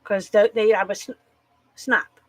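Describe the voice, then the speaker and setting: A woman's voice: mid-range voice, fairly even intonation, measured pace, no echo, rough recording. A woman chatting casually on a live stream, rambling, swearing freely and laughing at her own jokes.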